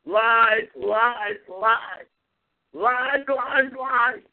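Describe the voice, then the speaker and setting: A high-pitched man hosting a rough-edged talk show, taunting rivals with profanity. He speaks slowly and carries a gravelly fry. His voice comes through thin and tinny, as over a phone line. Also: steady tone. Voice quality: profane, taunting, repeats catchphrases.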